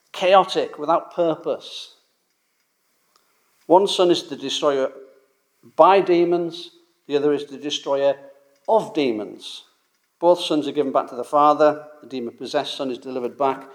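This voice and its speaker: A man preaching a sermon, with an emphatic delivery that swells and drops in loudness to stress his points. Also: a little high.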